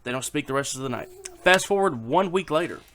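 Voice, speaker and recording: A man's voice: on the high side, animated, a little fast, a bit bright. A man casually telling a rambling, swearing joke to camera at home, with his daughter on his lap. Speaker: YouTube joke teller.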